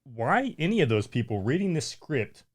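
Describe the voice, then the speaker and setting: A man's voice: medium pitch, sing-song, moderate pace. A man co-hosting a casual chat, blunt and exasperated, often repeating himself and saying "man". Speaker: podcast co-host.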